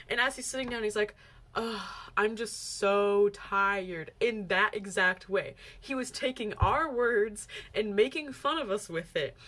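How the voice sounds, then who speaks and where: A woman's voice: medium pitch, bright, forceful tone. A young woman talks straight to her viewers in a loose, chatty way. She leans on "like" and slips into little acted-out quotes as she tells her story. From United States. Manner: chatty, heavy use of "like", acts out quoted lines. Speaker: vlogger. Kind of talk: casual storytelling vlog.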